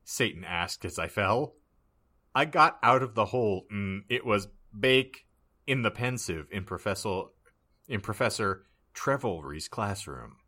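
Man, podcast host, comedy narration, wry, slow, low bright voice. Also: lively intonation. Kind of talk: comedic dramatic reading.

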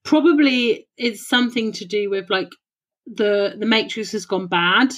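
A woman co-hosting a podcast in casual chat, animated and swearing freely as she spins playful theories. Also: medium pitch, a little slow, a little hiss or hum. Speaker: podcast co-host.

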